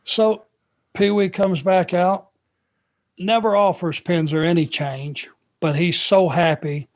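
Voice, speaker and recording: Slow-talking man. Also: sits high, fairly even intonation. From Georgia, USA. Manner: unhurried, drawn-out anecdotal telling. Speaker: podcast co-host. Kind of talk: casual storytelling chat.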